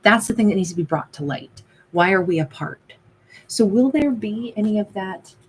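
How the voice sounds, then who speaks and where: A woman's voice: mid-range voice, normal speed, slight background noise, low-quality recording. A woman giving a casual tarot reading, talking loosely and acting out what other people might say. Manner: chatty, acts out quoted lines. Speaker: tarot reader.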